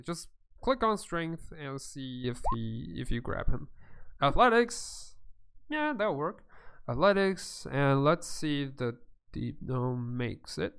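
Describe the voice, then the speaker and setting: A man's voice: fairly high pitch, pushed and bright, smooth. A man running a tabletop game as its game master, narrating casually with many hesitations. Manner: casual, hesitant, filler-heavy.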